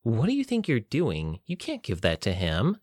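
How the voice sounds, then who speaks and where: A man's voice: mid-range voice, huge pitch swings, moderate pace, a little mellow, breathy edge, no room sound, clean studio sound. Sardonic tough woman fighter, read by a man. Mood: scolding. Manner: sardonic, bossy. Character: sharp-tongued tough young woman fighter.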